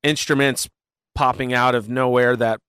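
A man talking casually in an interview, animated and full of fillers as he tells his story. His voice is smooth and resonant, at a middle pitch, and the recording is dry and close. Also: no room sound. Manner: animated storyteller with many fillers and quick asides. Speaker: worship pastor, guest.

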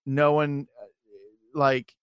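A man's voice: on the high side, little pitch movement, extremely slow, clear, resonant tone, dry recording. A man hosting a faith interview show, telling a story in a chatty, casual way and affirming his guest often. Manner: chatty storyteller, frequent fillers and restarts, affirming listener. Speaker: host.

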